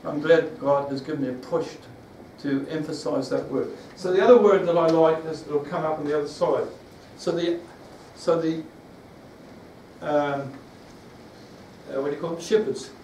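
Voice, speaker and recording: A man's voice: on the high side, moderate pace, darkish tone, slight background noise. A man preaching a sermon, rambling with restarts and asking the congregation questions. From New Zealand. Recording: echoey room, from far off.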